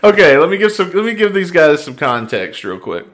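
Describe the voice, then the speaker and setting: A man from the hosts a podcast in a loose, joking way. His voice is bright and clear, and he swears freely as he spins a story. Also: fairly high pitch, sing-song, fairly quick. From Mississippi, US. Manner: storytelling, swearing, laughing often. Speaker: podcast host. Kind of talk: casual podcast chat.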